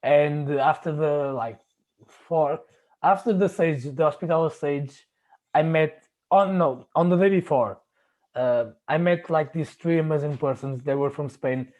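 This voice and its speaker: A man hosting a casual chat, telling personal stories haltingly, often searching for words and restarting. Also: fairly high pitch, a little mellow, poor audio. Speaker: podcast host.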